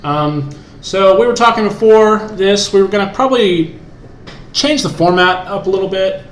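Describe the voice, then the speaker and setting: A man's voice: high voice, moderate pace. A young man co-hosting a casual podcast, rambling with many fillers and restarts, recorded on a cheap USB mic at home. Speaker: podcast co-host. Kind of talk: casual chat. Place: room in his house. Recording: echoey home room, faint hiss.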